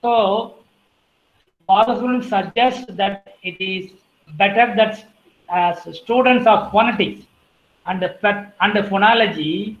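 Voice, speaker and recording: A woman giving an academic lecture, listing terms one by one and clearing her throat now and then. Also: mid-range voice, roomy sound, highs cut off.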